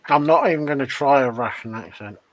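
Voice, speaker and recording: A man's voice: medium pitch, fairly quick. A man co-hosting a casual live-stream chat, mostly agreeing in short replies with some stammering restarts. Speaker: co-host.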